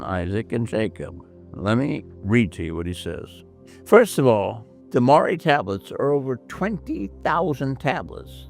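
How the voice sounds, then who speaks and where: A man's voice: medium pitch, vocal fry. A man hosting a Bible history talk, telling stories emphatically and acting out the voices of the people he quotes. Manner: emphatic storyteller who acts out quoted voices. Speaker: host.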